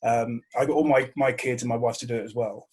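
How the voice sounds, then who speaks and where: A man's voice: mid-range voice, fairly even intonation, quick pace, slightly rough. A middle-aged man, a TV presenter hosting over a video call, talking in a friendly, reflective way with stammered starts. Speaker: host and TV presenter. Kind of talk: casual video-call conversation.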